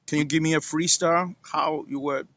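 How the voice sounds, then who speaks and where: A man's voice: fairly high pitch, steady tone, fairly quick, a bit bright. A man hosting an interview, prompting his guest with short questions. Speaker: interviewer, host.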